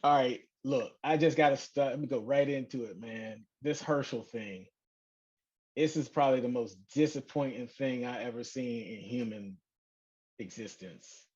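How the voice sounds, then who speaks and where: A man in casual podcast chat, with an easygoing, drawn-out delivery. The sound is muffled and lo-fi, with a dull top end. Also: mid-range voice, a little mellow, slightly rough. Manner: loose, conversational, drawn-out phrasing. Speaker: podcast co-host.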